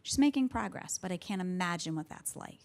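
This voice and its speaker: A woman's voice: fairly low pitch, animated, fairly quick, vocal fry, darkish tone. A woman presenting a staff development session in an earnest, conversational way, sharing personal stories. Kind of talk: teaching a staff workshop.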